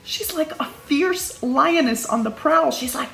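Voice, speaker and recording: A woman's voice: high-pitched, animated, measured pace, vocal fry, a bit bright, roomy sound, faint music behind, poor audio. A woman reacting to a song with bubbly, chatty commentary.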